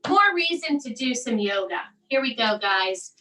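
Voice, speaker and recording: A woman in her thirties leads a calm children's yoga lesson at home. Her voice sits high and bright, and she coaxes the kids through each pose at an unhurried pace. She sounds a little distant from the microphone. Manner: soft, coaxing, slow instructions. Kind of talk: gentle kids' yoga lesson and read-aloud.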